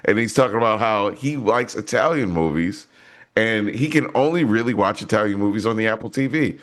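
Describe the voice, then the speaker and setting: A man's voice: lowish voice, a little fast, fairly bright tone. A man co-hosting a casual movie podcast, telling a story in a loose, rambling way with many restarts. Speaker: podcast co-host.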